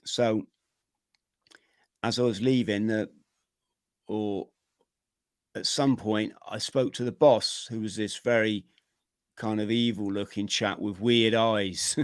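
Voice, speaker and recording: A middle-aged man, a podcast guest, telling his own story in a vivid, energetic way with plenty of slang. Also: on the low side, slow, pauses often, smooth, no echo, studio quality. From Britain. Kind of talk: personal storytelling in an interview.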